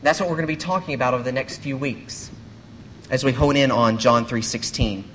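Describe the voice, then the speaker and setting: A man serving as a pastor, giving a sermon to a church congregation in an earnest, measured way, often posing rhetorical questions. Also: medium pitch, fairly bright tone, a little hiss or hum.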